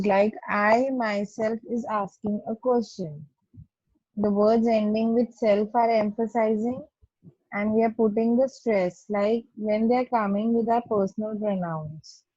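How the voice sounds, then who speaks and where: A woman's voice: on the high side, dark tone, dry recording. A woman teacher patiently explaining grammar to pupils over a video call. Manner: slow, patient explaining with stressed examples. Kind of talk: online class doubt session. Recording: muffled lo-fi video call audio.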